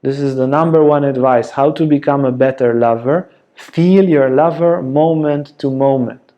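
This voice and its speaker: A man giving a spoken teaching talk, slow and deliberate, often checking in with a soft "yeah?". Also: medium pitch. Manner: slow, deliberate, gentle delivery with frequent "yeah?". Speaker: yoga teacher.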